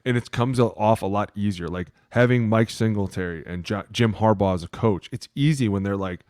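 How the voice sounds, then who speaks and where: A man co-hosting a casual sports podcast, telling locker-room stories with lots of swearing and acted-out coach yelling. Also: lowish voice, fairly quick, few pauses, clear, resonant tone, dry recording, clean studio sound. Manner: profane, animated storytelling, acting out coaches' yelling. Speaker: podcast co-host, former offensive lineman.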